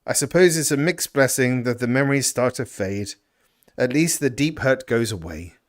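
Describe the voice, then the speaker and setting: A man reading out the journal of a weary, grieving frontier man in a folksy, rough put-on rural voice. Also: mid-range voice, lightly acted.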